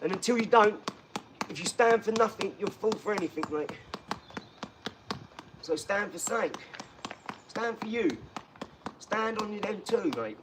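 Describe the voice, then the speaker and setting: A loud, hyped middle-aged man hosting a live stream, full of streetwise banter. His voice sits a little high for a man and jumps up whenever he gets excited. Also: unhurried, pauses often, background noise. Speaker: livestream host. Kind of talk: casual live-stream chat.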